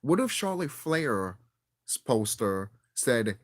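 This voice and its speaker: A young man vents in a loose, profane monologue aimed at his viewers. His pitch jumps around animatedly as he gets exasperated, and he keeps restarting and repeating his words. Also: sing-song, takes it slowly. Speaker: wrestling commentary vlogger. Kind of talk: ranting casual monologue.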